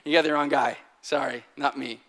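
A man's voice: mid-range voice, fairly even intonation, normal speed, a bit bright, close to an everyday voice. A man voicing a frightened male disciple who protests and denies in a sermon retelling. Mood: defensive. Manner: protesting, denying.

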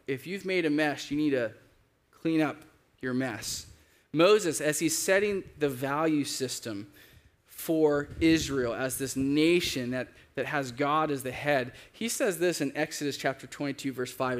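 A man in his thirties delivers a sermon in a voice pitched a little higher than most men's. He speaks earnestly and changes his pace, drawing out the phrases he wants his listeners to hold on to. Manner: earnest, varies pace, slows for emphasis. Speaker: pastor.

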